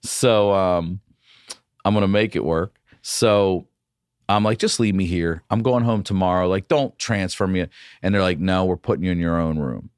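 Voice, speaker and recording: Deep-voiced man telling a profane story. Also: normal speed, a little mellow, clear, resonant tone, dry recording, studio quality. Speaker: comedian guest. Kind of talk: casual podcast storytelling.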